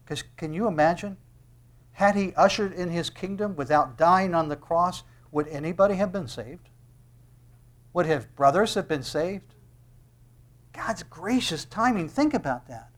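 A fervent male preacher with a slightly high voice delivers a sermon. He swings from booming emphatic declarations down to soft, hushed lines. He keeps asking his listeners rhetorical questions. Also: lively intonation, unhurried. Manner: swings between loud emphatic shouting and hushed tender lines; asks the audience rhetorical questions.

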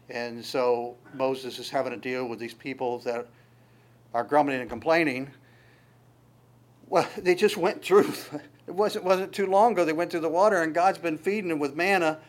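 A man teaching a sermon on a Bible passage in a conversational way, often stumbling and repeating words as he explains. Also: mid-range voice. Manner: halting, repeats words, frequent restarts; conversational, folksy storytelling. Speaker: pastor.

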